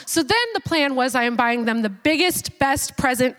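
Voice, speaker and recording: A woman pastor preaching a church sermon, telling a personal story with lively, self-mocking humor and asides to the congregation. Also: sits high, moderate pace. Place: church service.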